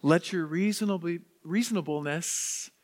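Man, priest, high voice, sermon, long church reverb. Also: moderate pace. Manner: animated, swings from hushed to exuberant shouts. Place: church sanctuary.

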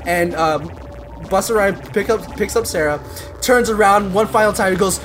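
A woman's voice: medium pitch, normal speed, soft background music. A woman co-hosting a podcast, retelling a movie plot in a rambling way, acting out the lines and laughing often. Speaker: podcast co-host. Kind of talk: casual movie recap chat.

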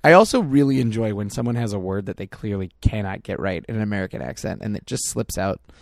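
A laid-back man co-hosting a podcast, joking with deadpan asides. His voice is gravelly and mellow, and it sounds dry and close to the mic. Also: on the low side, fast talker, dry recording. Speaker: podcast co-host; drama teacher. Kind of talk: casual chat.

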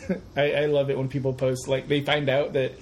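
A woman co-hosting a podcast, chatting casually with halting restarts and playful teasing. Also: very deep voice, level tone, a little mellow, a little hiss or hum. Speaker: podcast co-host. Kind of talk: casual chat.

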